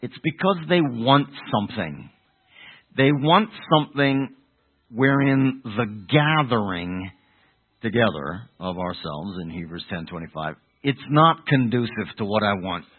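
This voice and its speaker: A man's voice: on the low side, lively intonation, measured pace, slightly rough. A male preacher from delivering a sermon, rambling with restarts and rhetorical questions to his congregation. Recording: tinny phone-like sound.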